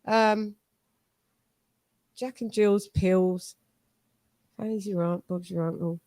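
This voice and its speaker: A woman's voice: medium pitch, fairly even intonation, slow pace, dark tone, no echo. A woman from East London with a Cockney accent, hosting a boxing channel in casual, rambling, slang-filled chat. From East London, England.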